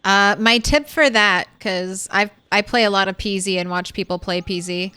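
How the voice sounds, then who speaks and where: A woman's voice: medium pitch, normal speed, sharp tone, clear, resonant tone, no echo. A young woman streaming a zombie survival game, chatting casually with viewers and laughing often. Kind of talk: casual gameplay commentary.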